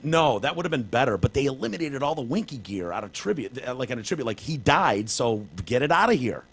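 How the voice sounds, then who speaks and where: A man's voice: mid-range voice, big pitch swings, quick pace, husky. Joking man telling stories on a podcast. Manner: jokey storyteller, slips into silly put-on accents. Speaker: podcast co-host. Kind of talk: casual comedic chat.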